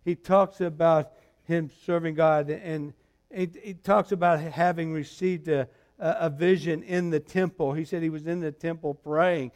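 A man preaching a verse-by-verse sermon, swinging between loud, animated retelling and quiet, reflective reading, with restarts as he tells the story. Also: a little high, a little slow. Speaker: pastor. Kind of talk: expository sermon.

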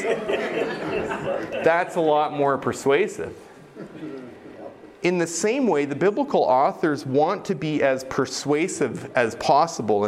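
A man preaching a sermon in a conversational, self-deprecating way, with frequent hesitations. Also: on the high side. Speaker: pastor.

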